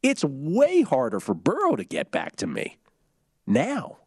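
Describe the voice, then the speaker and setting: Animated man hosting sports talk. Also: fairly high pitch, unhurried, husky, dry recording, clean studio sound. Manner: animated, rambling, self-interrupting. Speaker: sports radio host.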